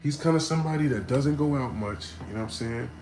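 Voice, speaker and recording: A man's voice: quick pace, background noise. A man telling a personal story in a casual, slang-filled way, checking in with "right?" and "you know what I'm saying" as he goes. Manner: swings between low muttering asides and loud emphatic bursts.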